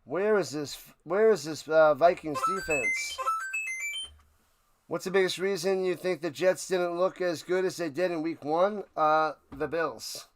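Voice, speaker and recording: A man hosting a live stream, giving play-by-play commentary and chatting with viewers, erupting into loud excitement on big plays. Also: on the high side, unhurried, a little hiss or hum. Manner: chatty, answers viewers' questions. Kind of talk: play-by-play commentary with chat banter.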